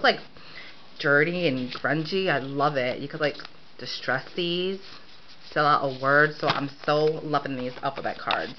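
A woman's voice: fairly low pitch, highs cut off, noisy background. A woman in a casual haul video, gushing over the craft supplies she bought. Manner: gushing, enthusiastic about cute craft supplies. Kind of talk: casual show-and-tell.

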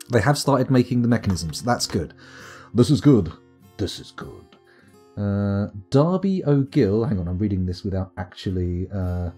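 A man's voice: mid-range voice, warm tone, breathy edge. Rambling sweary man streaming. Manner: rambling, sweary, tangent-prone. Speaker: game streamer. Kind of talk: casual live-stream commentary. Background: faint guitar music.

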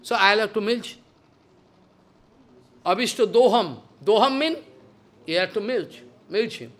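Male spiritual teacher, high voice, emphatic scolding devotional sermon. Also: expressive, measured pace. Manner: emphatic and scolding, swinging between loud and hushed. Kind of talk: devotional lecture.

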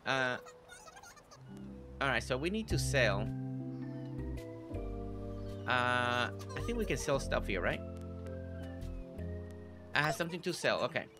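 Speaking slowly with frequent pauses, this man has a medium-pitched voice and lively intonation. He hosts a live gameplay stream with faint game music behind him, and in his slight non-native English accent he cheerfully greets chat viewers by name.

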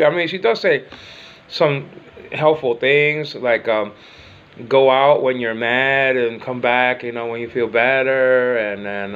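A man's voice: medium pitch, a bit bright, lo-fi sound. An older man whose first language is Spanish, chatting casually in a home vlog, rambling and repeating himself, teasing and affectionate. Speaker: vlogger.

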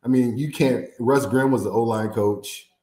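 A man from Indiana, a former football player, telling stories as an interview guest with animated, laughing delivery. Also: medium pitch, moderate pace, reverberant, a crowd in the background. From Indiana, USA. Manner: animated storyteller, laughs often, acts out quotes. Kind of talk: casual interview storytelling.

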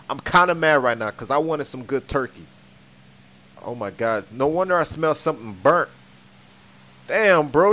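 A young man giving casual, slangy role-play commentary over a game, excitable, with sudden high whoops and yelps. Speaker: gaming YouTuber.

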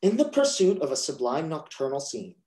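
A teenage boy from New York introducing himself and reading an excerpt of his personal essay in a careful, measured way. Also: a little high, big pitch swings, warm tone. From New York, USA. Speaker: student reader.

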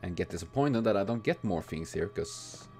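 A man giving let's play commentary, exasperated and swearing constantly, with sudden loud outbursts. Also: deep voice, animated, moderate pace, faint music behind. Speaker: gaming channel host.

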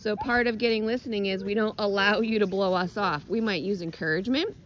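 A woman's voice: medium pitch, brisk, a little hiss or hum, low-quality recording. A woman dog trainer coaching outdoors on a lawn, giving direct, encouraging instructions and explaining her methods.

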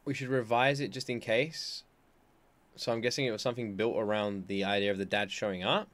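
Rambling streamer in his thirties; lowish, bright, dry close mic. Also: fairly even intonation, a little fast. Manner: rambling, chatty storytelling with many restarts. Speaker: anime reaction streamer. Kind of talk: casual chat.

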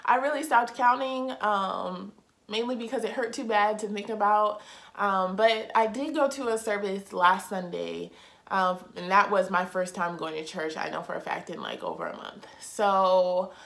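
A woman's voice: medium pitch, expressive, normal speed, gravelly. A young woman talking casually and openly to her viewers in a faith vlog, chatty and confiding. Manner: chatty, warm-hearted, confiding, heartfelt. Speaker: vlogger. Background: soft background music.

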